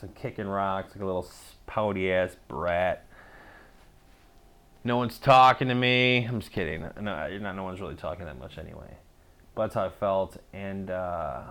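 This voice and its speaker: A man telling a story in a casual vlog, rambling, swearing often and poking fun at himself. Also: on the low side. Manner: rambling, profane, self-mocking storytelling.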